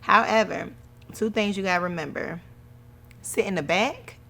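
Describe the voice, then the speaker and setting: A woman's voice: medium pitch, normal speed, creaky. Chatty woman telling wedding stories. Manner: animated storytelling, laughing often. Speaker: podcast co-host, newlywed bride. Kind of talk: casual chat.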